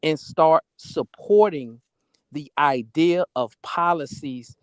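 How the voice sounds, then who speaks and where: A man debating on a talk show, measured and lecturing as he pushes back on the other speaker. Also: fairly high pitch, clean tone, no room sound. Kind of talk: heated debate.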